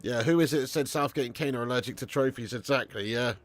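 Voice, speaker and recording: Fast and medium-pitched, this young man keeps up sweary, animated banter through a live football watch-along while reading the chat out loud.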